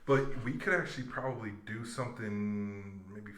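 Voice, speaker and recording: A podcast co-host chats casually in an echoey room, his voice fairly low and his pace moderate. He tells stories with animation, acts out the quotes and laughs often, with slight background noise behind him.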